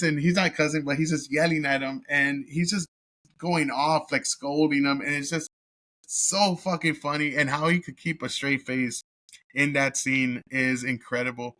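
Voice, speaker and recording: Bright-voiced man, cursing, rambling film review. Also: fairly high pitch, fairly even intonation, moderate pace. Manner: profane and rambling, heavy cursing with filler words; amused, laughs while telling the story. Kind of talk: casual movie review.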